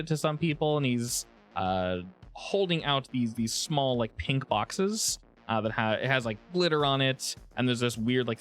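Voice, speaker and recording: Lively man narrating a tabletop game. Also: mid-range voice. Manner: lively, filler-heavy narration. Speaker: game master.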